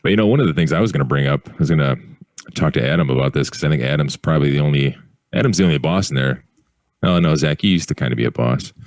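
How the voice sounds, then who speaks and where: A man's voice: rumbling low, expressive, quick pace, dry recording. A man co-hosting a casual podcast who teases and jokes with the others. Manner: teasing, joking. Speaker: podcast co-host. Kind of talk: casual chat.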